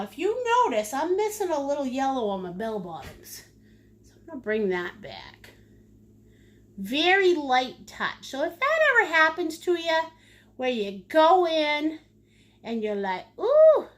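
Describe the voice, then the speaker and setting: A woman leading a live painting lesson, chatty and playful, with sing-song asides. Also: sits high. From United States. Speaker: painting instructor.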